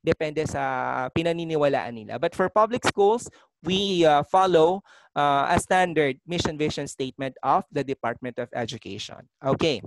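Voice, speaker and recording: A man's voice: fairly high pitch, moderate pace, vocal fry, no echo, rough recording. A man with a Filipino accent, a college teacher lecturing a class and often checking in with "okay?". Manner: explanatory, frequent "okay?" checks with students.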